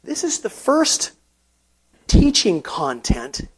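A male pastor preaching a sermon, unhurried and emphatic, pausing often and repeating words for stress. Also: high voice, huge pitch swings, breathy edge.

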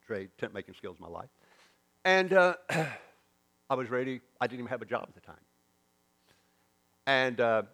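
A man with a Southern US accent, a preacher telling a story in a sermon and acting out the dialogue. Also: mid-range voice. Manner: animated storyteller, acts out quoted dialogue.

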